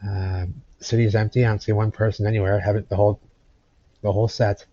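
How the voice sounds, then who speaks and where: Low-voiced rambling Midwestern man. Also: little pitch movement, fast talker, warm tone, no room sound. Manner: rambling, repeats phrases, talks to his cat in a high cooing voice. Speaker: video host commenting on old photos. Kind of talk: casual commentary over pictures. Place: indoors at home. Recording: dry, slightly dull home recording.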